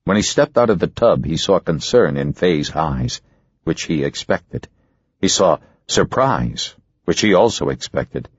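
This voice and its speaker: Deep husky guy reading a thriller audiobook, lively delivery, dull lo-fi sound. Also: no room sound. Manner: measured, suspenseful. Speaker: audiobook narrator. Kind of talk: scripted narration.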